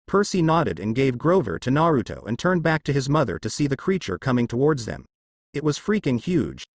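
A man narrates a fan fiction tale with a pitch that rises and falls freely across each sentence. His voice sits close and dry, with no room around it. He keeps an animated storytelling lilt throughout. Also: no echo. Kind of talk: reading fan fiction aloud.

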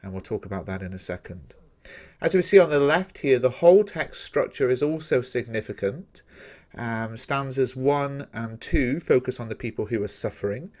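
A man with an English accent teaches a revision lesson in a methodical way. He speaks straight to his viewers at a middle pitch and explains each point in turn. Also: normal speed. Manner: steady, methodical explaining, addressing viewers directly. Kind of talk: recorded exam-revision lesson.

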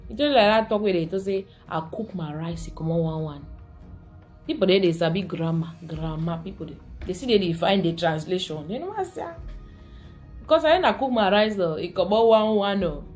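Low-voiced Cameroonian woman chatting in pidgin. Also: lively intonation, brisk, a little mellow, faint music behind. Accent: Cameroonian Pidgin English. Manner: chatty, laughs often, switching between pidgin and English. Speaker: vlog host. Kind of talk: casual talk to camera.

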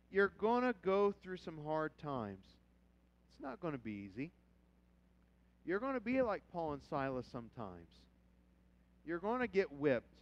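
Animated preaching man with a smooth voice. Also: sits high, highs cut off. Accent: Southern Indiana. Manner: animated storytelling, swinging from quiet to loud. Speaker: pastor. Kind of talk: sermon.

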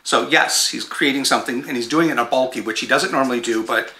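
A man's voice: medium pitch, fast talker, sharp tone, reverberant. A man hosting a home knitting show, chatting casually and digressively to the camera and breaking off to talk to his dogs.

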